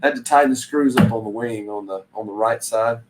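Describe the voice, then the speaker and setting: Heavy background noise sits behind this man's medium-pitched, fairly quick voice. Hosting his reselling channel's live stream, he chats and wanders from topic to topic while reading out comments from viewers.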